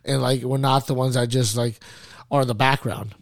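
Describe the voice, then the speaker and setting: Podcast host, male, gravelly edge, loose rambling talk, dry close mic. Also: medium pitch, fairly even intonation, normal speed, dry recording. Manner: loose, rambling, swearing, says "like" a lot. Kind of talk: casual podcast chat.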